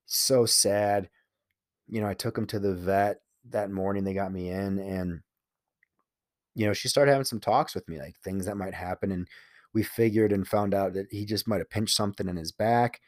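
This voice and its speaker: Low-voiced man, candid profane monologue. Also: steady tone, moderate pace, no echo, studio quality. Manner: earnest, preachy about life choices. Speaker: solo speaker. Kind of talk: casual monologue.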